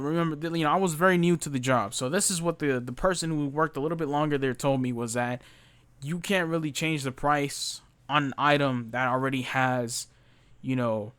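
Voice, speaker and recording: A young man telling a story about a rude customer at work. He sounds exasperated, talks in a quick stream full of fillers, and puts on the customer's voice now and then. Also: mid-range voice, fairly bright tone, clear, resonant tone, no room sound. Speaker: retail worker telling a story. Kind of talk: storytime rant.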